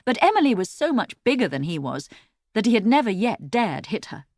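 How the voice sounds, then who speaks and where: A woman narrating a children's storybook in an expressive, lively way, recorded close on a studio mic. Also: fairly high pitch, fairly quick, no room sound. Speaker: audiobook narrator.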